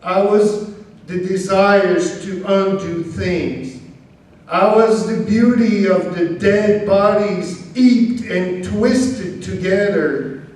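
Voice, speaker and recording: A man giving a slow, measured poetry reading with long pauses, in a large church. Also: high-pitched, darkish tone. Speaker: poet reading at an event. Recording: very echoey church hall, mic far off.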